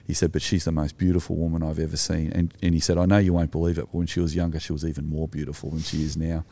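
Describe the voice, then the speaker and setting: Here the Australian co-host, an Anglican minister, races through his story in a rumbling low, mellow voice with little pitch movement. The conversational storytelling stays earnest and reflective.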